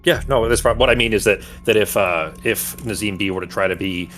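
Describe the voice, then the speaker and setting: A man runs a tabletop game as game master, with a lowish voice. He explains rules in a loose, chatty way, full of fillers. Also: brisk, a bit bright, faint music behind. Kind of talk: running a tabletop game over voice chat.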